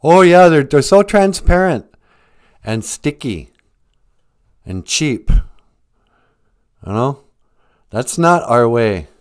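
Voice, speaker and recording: A man's voice: fairly high pitch, lively intonation, slow, pauses often, clean tone. A man hosting a livestreamed podcast, chatting in a teasing, mock-serious way. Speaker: podcast host. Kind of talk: joking livestream chat. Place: home livestream.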